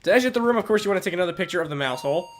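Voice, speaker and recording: A young man with a cold narrates his gameplay in a stuffy, congested voice that sits high and bright. He talks fast and excitably, cracking jokes and cursing at the enemies. A faint ambient hiss runs under the desk-mic recording. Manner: excitable, swears at enemies, jokey asides. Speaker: let's play commentator. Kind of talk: gameplay commentary.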